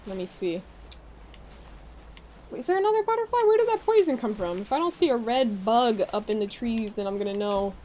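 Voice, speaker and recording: A young woman with a somewhat high voice and a Midwestern American accent talks briskly with her stream chat during a game. She reads the messages out loud with excitable reactions, and there's a faint hiss or hum.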